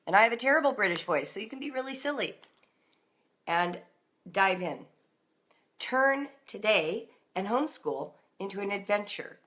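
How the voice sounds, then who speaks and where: A middle-aged woman talking straight to parents on a live stream, encouraging and chatty. Her voice is bright and forward. Now and then she slips into a playful voice to act out a small scene. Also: medium pitch, normal speed. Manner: animated and chatty, acting out little scenes in a playful voice. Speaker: homeschool writing coach and show host. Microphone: phone or webcam on a social media live stream.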